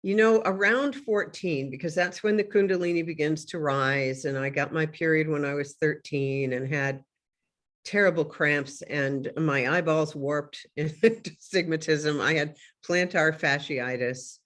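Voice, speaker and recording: A woman guest in an interview, answering in a reflective, hesitant way with frequent pauses. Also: low-pitched, fairly even intonation.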